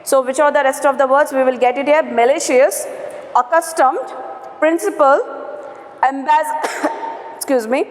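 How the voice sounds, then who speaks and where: A woman, teaching a grammar lesson, repeating words and saying "okay" often. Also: high voice. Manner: slow, repetitive, spells out syllables, frequent "okay". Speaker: English teacher. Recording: roomy echo with long reverb.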